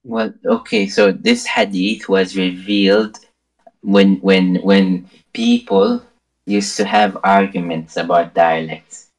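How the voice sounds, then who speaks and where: Slow, gravelly, deep-voiced man. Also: very animated, rough recording. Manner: hesitant, stammering. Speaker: debate guest. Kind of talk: online debate.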